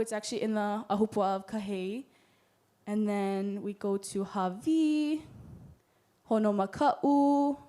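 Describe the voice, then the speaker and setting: A woman's voice: on the high side, darkish tone. A young woman with a Hawaiian accent giving an earnest, heartfelt symposium presentation, with Hawaiian words in her speech. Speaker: student presenter. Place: lecture hall.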